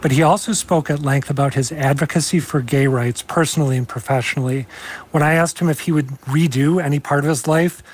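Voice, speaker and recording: A man's voice: a little high, brisk. A male radio reporter in a news interview, losing his voice and sounding strained and apologetic.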